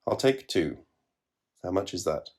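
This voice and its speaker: A man voicing a flustered, bookish young gentleman who mumbles in embarrassment. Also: deep voice, expressive, measured pace, breathy edge, heavily acted.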